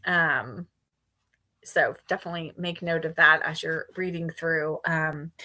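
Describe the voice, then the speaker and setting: Chatty bright-voiced woman streamer. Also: fairly low pitch. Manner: chatty, with frequent ums and laughs. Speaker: book streamer hosting a readalong. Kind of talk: casual livestream chat.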